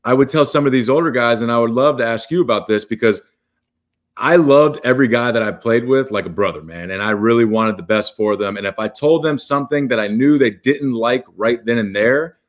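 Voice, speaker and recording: A man's voice: medium pitch, fairly quick. A man in his thirties, a former baseball player, talking earnestly and reflectively as a podcast guest. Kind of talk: casual chat.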